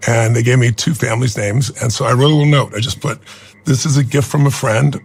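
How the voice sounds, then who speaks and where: Gravelly, earnest man in his sixties. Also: medium pitch, steady tone, quick pace. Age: 60s. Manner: earnest, reflective, emotional. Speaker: interview guest. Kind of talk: personal storytelling in an interview.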